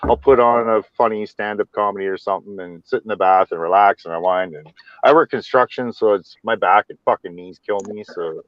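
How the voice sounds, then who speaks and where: A man talking in a relaxed, casual way over his cell phone, swearing now and then. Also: lowish voice, a little fast, few pauses, no room sound. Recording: dry, dull cell phone audio.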